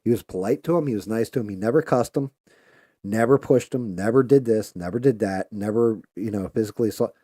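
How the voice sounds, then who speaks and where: A man with a low voice and a mellow, dark tone tells an anecdote in a relaxed, profane way. He talks loosely with plenty of filler words and gets animated whenever he quotes someone. The sound is dry and close. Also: brisk, dry recording. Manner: animated when quoting others. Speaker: live stream host. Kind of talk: casual storytelling while painting.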